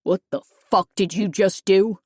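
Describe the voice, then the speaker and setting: A woman reading a storybook voices a young man held captive, first shouting at his captors and then begging. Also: sits high, fairly even intonation, a little slow, no echo, clean studio sound. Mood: hostile.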